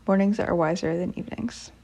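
A woman's voice: on the low side, a little fast, warm tone. A woman reading a storybook, voicing a kind magic doll that speaks in a soothing, reassuring way. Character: kind, calm magic doll who gives comfort.

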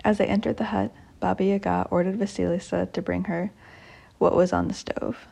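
Gravelly, husky woman telling a folk tale. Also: lowish voice, fairly even intonation, normal speed, warm tone. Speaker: storyteller. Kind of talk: reading a folk tale aloud.

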